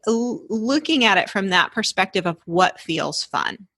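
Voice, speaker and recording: A woman hosting a podcast, speaking in a measured, reflective way and laughing easily in casual conversation. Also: medium pitch, expressive, pushed and bright, no echo. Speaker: podcast host.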